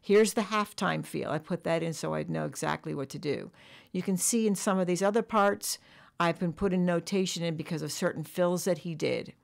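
A woman drum teacher walking through a software tutorial, explaining step by step. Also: on the low side, moderate pace, gravelly. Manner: explanatory, counts bars aloud along with the music.

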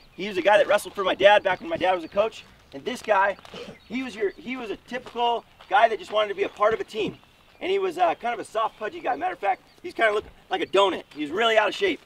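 A man with a very high, animated voice pushes a motivational story along at speed. His tone has a gravelly edge. The mic sits far off, with faint noise underneath. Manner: energetic, repeats words for punch. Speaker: wrestling coach speaking at a camp.

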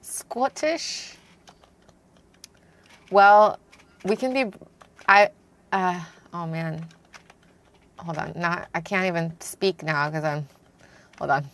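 A young woman co-hosting a stream, chatting casually while playing a chaotic cooking game. She is giggly and flustered, and talks in quick bursts. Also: on the low side, a bit bright. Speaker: co-host streamer. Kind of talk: casual gameplay chat.

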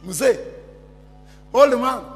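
Urgent divine voice, as a pastor shouts it. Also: male voice, extremely high pitch, expressive, drawn-out words, full character voice. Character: urgent divine calling voice, commanding and caring. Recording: long church reverb with music behind.

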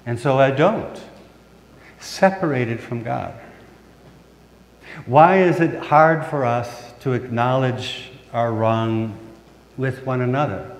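Slow, unhurried pastor in an echoing church. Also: male voice, mid-range voice. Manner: asks the congregation questions and answers them. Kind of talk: sermon. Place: church sanctuary. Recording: reverberant church hall.

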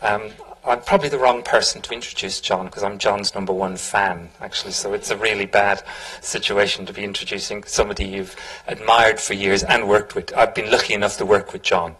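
A man's voice: on the low side, fairly even intonation, a little fast, hardly any pauses, a bit bright, poor audio. A man hosting a public talk, giving housekeeping notes and an informal, chatty introduction. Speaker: event host. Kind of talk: event introduction.

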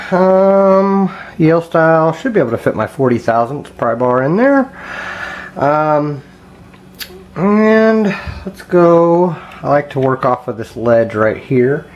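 A man casually talking viewers through picking a lock at his home workbench, thinking aloud with frequent ums and quiet mutters. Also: medium pitch, muffled recording, a little hiss or hum. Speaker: lockpicking hobbyist. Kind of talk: casual hands-on demonstration vlog.

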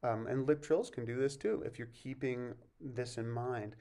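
A man teaching a vocal masterclass, explaining warm-ups and breathing in a relaxed way and breaking off to sing short examples. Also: mid-range voice, normal speed. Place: music camp masterclass recording.

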